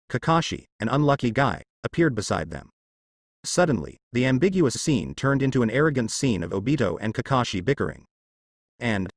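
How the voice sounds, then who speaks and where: A man narrating a translated web novel in an even, matter-of-fact reading voice. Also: medium pitch, no echo, clean studio sound.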